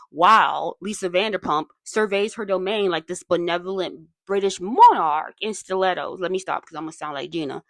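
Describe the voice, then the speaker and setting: A woman with a medium-pitched voice, recorded dry, hosts a casual commentary video essay. She is chatty and digressive, full of asides, and her voice sounds a bit tired and strained.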